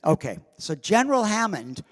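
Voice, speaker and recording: A man, the guest of honor at a convention, telling an animated, self-amused anecdote from the stage of a convention hall. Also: high-pitched, normal speed. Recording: long hall reverb.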